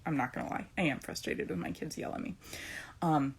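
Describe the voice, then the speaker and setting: A middle-aged homeschooling mom, her voice low and husky, talks briskly and casually about her day and her faith. She wanders through the story, restarts often and keeps asking "right?"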